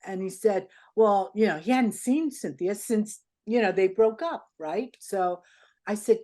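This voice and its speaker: An older woman, an interview guest, telling stories in an animated way and acting out the people she quotes. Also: medium pitch, a little slow. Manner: animated, acts out quoted dialogue. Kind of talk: anecdotal storytelling.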